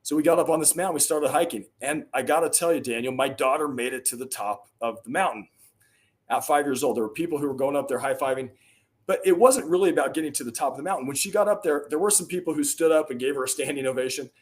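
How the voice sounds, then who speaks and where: A man's voice: on the high side, quick pace. A middle-aged man, a podcast guest, telling stories in an earnest, emphatic way, with bursts of rising energy. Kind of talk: conversational interview storytelling.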